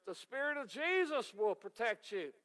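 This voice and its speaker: A man's voice: high voice, big pitch swings, normal speed, a bit bright, big-room sound, pitched above the performer's own voice. A preacher acting out a stern churchgoing father who lectures his frightened son. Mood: exasperated. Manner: solemn, lecturing.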